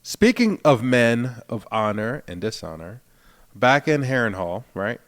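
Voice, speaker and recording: A man with a Philadelphia accent co-hosts a podcast in a relaxed, conversational way, walking through scenes. His voice sits at an ordinary middle pitch. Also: measured pace. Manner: laid-back, recaps scenes, trails off quietly. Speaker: podcast co-host. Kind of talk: casual chat.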